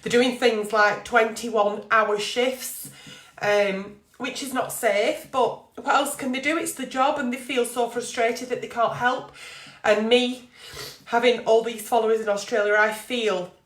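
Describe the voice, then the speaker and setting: A woman's voice: a little high, steady tone, a little slow, fairly bright tone, roomy sound. A middle-aged woman hosting a live stream from home, talking casually and emotionally with many fillers.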